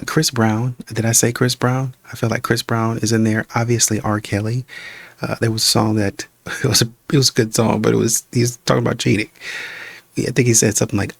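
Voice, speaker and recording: A man's voice: fairly low pitch, vocal fry, no echo. A man casually joking and rambling while reacting to clips. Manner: laid-back, joking, rambling. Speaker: reaction commentator.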